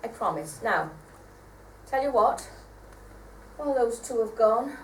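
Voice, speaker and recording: A woman playing a worn-down, tearful mother, speaking softly and hesitantly on a live theatre stage. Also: on the high side, lively intonation, takes it slowly. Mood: tender. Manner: soft, hesitant, self-deprecating. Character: weary depressed mother, tearful and self-doubting. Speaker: amateur stage actor. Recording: echoey theatre stage from far off, faint noise.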